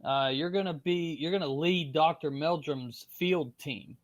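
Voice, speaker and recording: Brash, insistent male TV producer on a call, quoted by a Southern man, pitched up. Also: unhurried, lo-fi sound, lightly acted. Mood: pushy. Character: pushy male TV producer on the phone.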